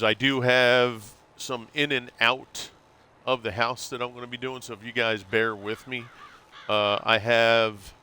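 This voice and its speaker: A man's voice: mid-range voice, bright, forceful tone, clean tone. A man streaming live, chatting casually and rambling, calling his viewers bro. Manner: laid-back, rambling, calls viewers bro.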